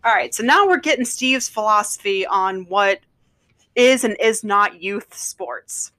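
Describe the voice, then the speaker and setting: A woman's voice: mid-range voice, a little slow, pushed and bright. Wry woman podcast co-host. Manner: wry, recaps and comments with sarcasm. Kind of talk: casual chat.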